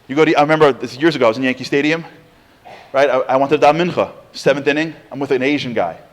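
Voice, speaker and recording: A man giving an inspirational lecture with humor, an animated storyteller who fires off rhetorical questions to the audience in a large lecture hall. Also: mid-range voice, very fast. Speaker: speaker. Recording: long hall reverb.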